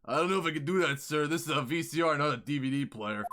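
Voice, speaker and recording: A man doing a loud, excitable police detective. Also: a little high, fast, a little hiss or hum. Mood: dutiful. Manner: blustery and deferential, calls his boss sir. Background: game music.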